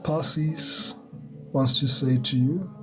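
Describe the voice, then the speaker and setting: A man's voice: mid-range voice, extremely slow. A man giving a chatty live tarot reading, greeting viewers and chuckling often. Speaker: tarot reader. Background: music.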